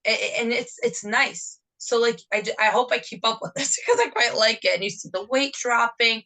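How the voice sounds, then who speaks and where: A woman's voice: a little high, animated, brisk, sharp tone, slight background noise, poor audio. A woman with a New Jersey accent co-hosting a casual chat podcast, talkative and rambling from topic to topic. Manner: chatty, rambling, jumps between topics. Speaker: podcast co-host.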